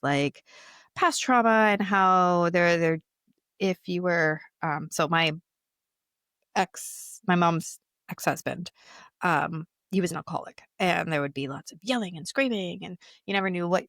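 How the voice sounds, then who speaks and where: A woman's voice: on the low side, unhurried, fairly bright tone, dry recording, clean studio sound. A woman speaking candidly in an interview, telling her own story openly and animatedly, often breaking into laughter. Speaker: guest.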